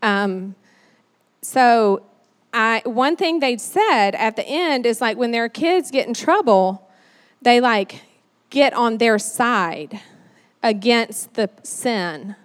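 A woman giving a conversational sermon, chatty and animated with lots of fillers. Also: a little high, slow pace, smooth. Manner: chatty and animated, many "like"s and "you know"s. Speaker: church speaker. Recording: long hall reverb.

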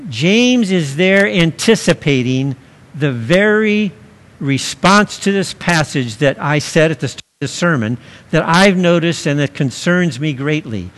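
A male pastor delivers a sermon at a very unhurried pace, leaning on single words with long pauses between phrases. His voice sits a little higher than most men's, and a long reverb trails each phrase as if in a large church. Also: fairly bright tone. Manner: slow, deliberate preaching with emphatic pauses on key words.

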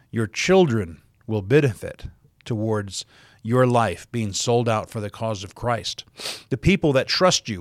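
A man's voice: medium pitch, dry recording, clean studio sound. A man from South Dakota preaching a podcast sermon as a pastor, stressing key words by repeating them and reading scripture aloud in old-fashioned wording. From South Dakota, USA.

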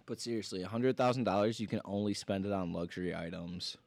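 A man from Wisconsin trades deadpan, absurd quips as a podcast co-host. His voice sits somewhat low. The sound is dry and close. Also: fast, vocal fry, dry recording. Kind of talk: casual banter.

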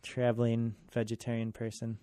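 A man's voice: medium pitch, completely flat delivery, normal speed, dark tone, clean tone, dry recording. A man hosting a radio show, chatting casually in a studio, joking and laughing easily.

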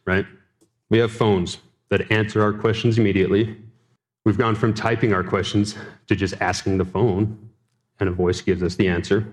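Man, preacher, sermon, story told to a congregation, lowish voice. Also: a little mellow. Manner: storytelling with rhetorical questions to the congregation.

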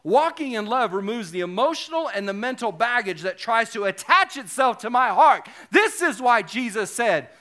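A male pastor giving a sermon, animated and joking, with self-deprecating asides. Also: very high voice, moderate pace, hardly any pauses.

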